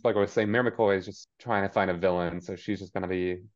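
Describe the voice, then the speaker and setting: A man's voice: low voice, steady tone, fast, highs cut off. A man co-hosting a podcast, casually recapping a TV episode in a rambling style and paraphrasing the characters with lots of "like". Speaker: podcast co-host.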